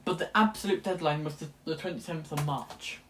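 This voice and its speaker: Heavy background noise surrounds a young man in his late teens whose voice runs a bit high and a little fast. Vlogging as a student, he chats to camera, rambles, and frequently restarts and corrects himself.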